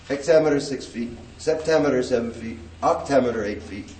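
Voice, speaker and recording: A man gives a poetry lecture in a classroom, tapping out meters by chanting them in nonsense syllables and chuckling along the way. His voice sits at an ordinary middle pitch. It was caught from a distance in an echoing room, with clear tape noise under it. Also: brisk, a little mellow. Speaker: poetry teacher. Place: classroom with a blackboard. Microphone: distant room recording. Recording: echoey classroom, distant mic, noisy tape.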